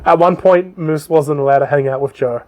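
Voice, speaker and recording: The recording is muffled as a man with a slightly high voice, speaking at moderate pace, co-hosts a laid-back podcast. He summarizes a book's plot loosely, with lots of ums and profanity.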